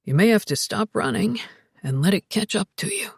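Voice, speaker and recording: A woman voicing a calm, pragmatic male ghost in an audiobook. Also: mid-range voice, moderate pace, gravelly, breathy edge, no room sound, clean studio sound.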